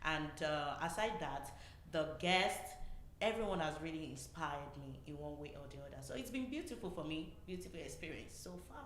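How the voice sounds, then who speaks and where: A woman's voice: sits low, animated, fairly bright tone. A woman on a podcast's production team, speaking in casual conversation, hesitant and full of fillers. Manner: slow, hesitant, with many fillers. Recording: echoey room with faint noise.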